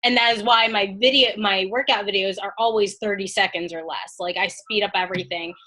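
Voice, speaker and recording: A woman's voice: medium pitch, steady tone, fairly quick, pushed and bright, rough recording. A woman on a team video call giving casual, chatty advice about making short videos, full of "like" and "you know.". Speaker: guest coach on team call.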